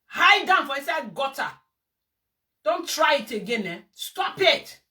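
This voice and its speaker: Scolding Nigerian woman, bright voice. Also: sits high, sing-song, a little slow. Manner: scolding, heated, mixes Pidgin and Yoruba phrases. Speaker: vlogger. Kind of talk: ranting video monologue. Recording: distant from the mic.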